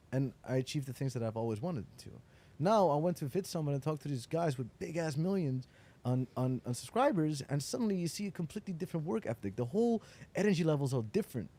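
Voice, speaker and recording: A man talks through an interview in a casual, animated way, acting out quoted dialogue as he tells his stories. His voice sits fairly high but has a mellow, warm tone, and he swears freely. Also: brisk. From Netherlands. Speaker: interviewee, entrepreneur.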